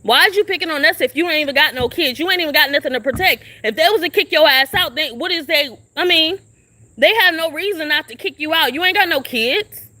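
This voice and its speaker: Standing outside a shelter, a young woman streams a venting rant on her phone, cursing and confronting, and she keeps hurling the same questions. Her high voice has a sharp tone, and she goes a little fast.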